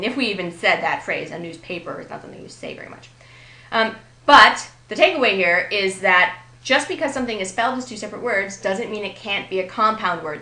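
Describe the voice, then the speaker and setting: A woman's voice: mid-range voice, sharp tone, reverberant, poor audio. A woman giving a recorded grammar lesson, explaining step by step and checking in with her listeners. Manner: explanatory, checks in with "right?" and "okay?". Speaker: grammar teacher.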